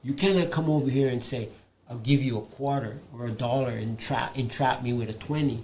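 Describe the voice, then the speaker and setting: An older man tells stories as a guest in a live panel conversation. His voice is gravelly and he speaks in an animated way, laughing between points. A faint hiss of noise sits behind him. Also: medium pitch, a little fast. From Hawaii. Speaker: guest, indigenous elder and artist.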